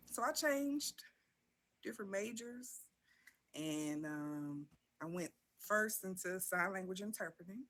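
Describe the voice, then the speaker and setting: A young woman from Georgia, a talk show guest telling her story in an unhurried way with many fillers. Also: sits low, fairly bright tone. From Georgia, USA. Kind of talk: casual interview storytelling.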